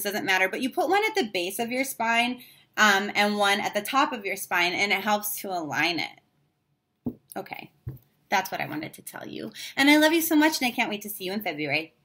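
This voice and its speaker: A woman's voice: mid-range voice, a bit bright. A woman giving a casual monthly horoscope reading to camera as a tarot reader, chatty and candid, with casual swearing and lots of "like" fillers.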